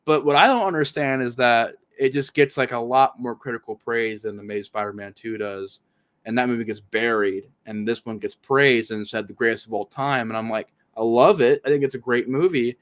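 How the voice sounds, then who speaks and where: Brief: male podcast talker, mid pitch, rambling, exasperated, heavy on "like". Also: brisk, fairly bright tone, clean tone. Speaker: podcast co-host. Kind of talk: casual podcast chat.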